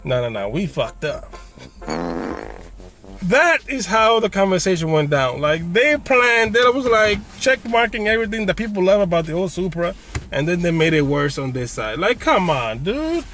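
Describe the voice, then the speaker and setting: A man's voice: sits high, sing-song, moderate pace, a bit bright, faint music behind. A man hosting his car channel, giving opinions in a joking, casual way with frequent laughs.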